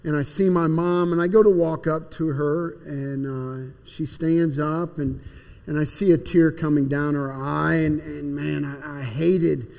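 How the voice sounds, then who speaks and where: A man's voice: on the high side, fairly even intonation, a little slow, vocal fry, a little mellow. A man plainly and earnestly telling his personal testimony. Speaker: speaker giving personal testimony. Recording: long hall reverb.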